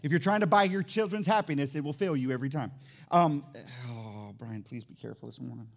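A man's voice: medium pitch, a little fast, vocal fry. A middle-aged man preaching a sermon in church as pastor, emphatic and repeating his key phrases.

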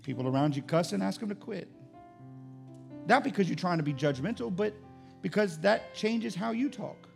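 Male pastor preaching, somewhat high and gravelly, emphatic, faint music underneath. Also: expressive, normal speed, darkish tone. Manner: preaching with rising, emphatic bursts. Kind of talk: sermon.

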